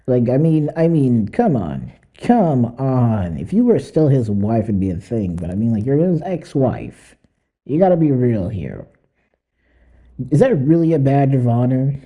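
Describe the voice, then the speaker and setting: Dark, husky man in rambling solo talk. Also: mid-range voice, very animated, measured pace. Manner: rambling, profane, mocking, laughs often. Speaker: podcast host. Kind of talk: casual solo commentary.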